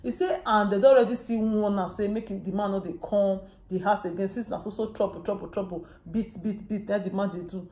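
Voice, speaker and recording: A woman's voice: medium pitch, fairly even intonation, brisk, hardly any pauses, mellow, reverberant. A woman vlogger with a Nigerian Pidgin accent, casually retelling someone's story and voicing what each person said. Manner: retells a story with quoted dialogue.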